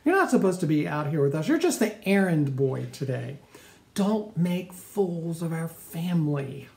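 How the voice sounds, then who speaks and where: An angry young man berates his kid brother, voice pushed up high and sharp with scorn, as a pastor puts him on. The sound rings around an echoey church. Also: big pitch swings, measured pace, creaky, full character voice. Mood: angry scolding. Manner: loud, scornful scolding.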